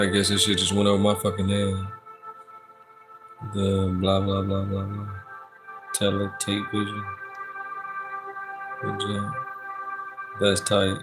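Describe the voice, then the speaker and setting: A relaxed man, hosting a livestream and chatting with viewers. His voice sits a little low, and soft music plays faintly behind him. He talks in a loose, joking, slangy way. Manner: laid-back, joking, slangy, reads chat aloud. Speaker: livestream host doing personal readings. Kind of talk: casual livestream chat reading comments.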